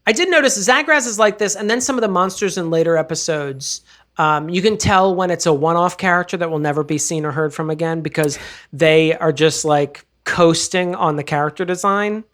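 Animated woman podcast co-host. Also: lowish voice, brisk. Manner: animated, swearing, laughs while talking. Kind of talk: casual chat.

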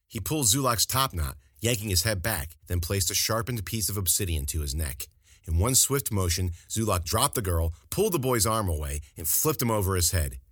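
A man narrating a fantasy story as an audiobook in an expressive, dramatic reading. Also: deep voice, normal speed, dry recording, studio quality.

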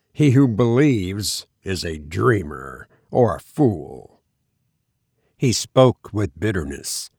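A man reads a story aloud in a measured audiobook style. His voice sits on the low side, and he takes his time over every phrase. The sound is dry and close. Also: a little mellow, slightly rough, no room sound. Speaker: narrator. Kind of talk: audiobook reading.

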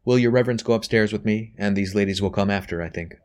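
Kind old gentleman, soft and tender, deep voice, read by a man. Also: fast talker, close to an everyday voice. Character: kindly older gentleman, tender.

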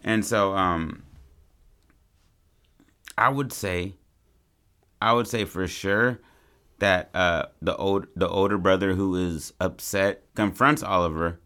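A man's voice: low-pitched, fairly even intonation, slow, pauses often, sharp tone, clean tone. A man co-hosting a podcast, brainstorming a story in casual, rambling, profane chat. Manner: rambling, profane, acts out characters. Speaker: podcast co-host.

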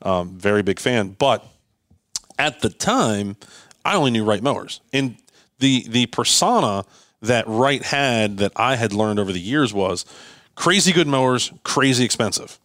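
A man in an ordinary middle pitch spins a long, lively story, jumping into the voices of the people he quotes and tripping over his own restarts. The sound is dry and close, with no room around him. He talks like a guest chatting easily on a podcast. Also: measured pace, no room sound. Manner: animated, acts out quoted dialogue, frequent restarts. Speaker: guest, landscaping business owner.

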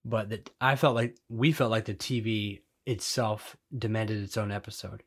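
A man's voice: lowish voice, fairly even intonation, normal speed. A man co-hosting a podcast, chatting casually and joking with his wife. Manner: joking, conversational. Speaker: podcast co-host. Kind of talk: casual chat.

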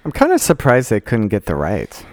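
A man's voice: lowish voice, wildly swooping pitch, moderate pace, a little mellow, dry recording, clean studio sound. A young man co-hosting a podcast in casual chat, sardonic, swearing and saying dude. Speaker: podcast co-host.

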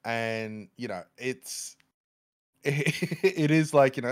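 Easygoing Australian man, mid pitch. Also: extremely slow, clean tone. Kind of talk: casual chat.

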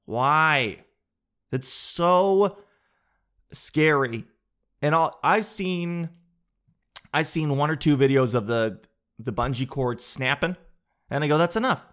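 A man's voice: on the high side, takes it slowly, long pauses, fairly bright tone. A man doing a casual comic monologue in a rambling, joking, self-mocking way.

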